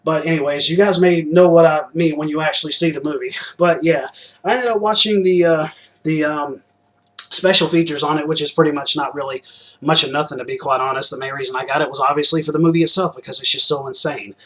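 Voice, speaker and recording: A young man with a voice a little higher than most talks through his new game purchases. He rambles in a loose, chatty way, full of fillers, restarts and casual swearing. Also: fairly even intonation, fast, a bit bright, rough recording. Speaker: gaming vlogger showing new purchases. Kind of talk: rambling casual vlog chat.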